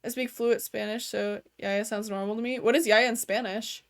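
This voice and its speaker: This gaming streamer, a young adult woman, talks from her bedroom in a loose, profane way, dropping "like" constantly. She has a fairly high pitch, a steady tone, and a moderate pace.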